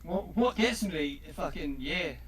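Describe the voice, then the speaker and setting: Animated, sweary English man, high voice. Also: unhurried. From England. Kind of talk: casual chat.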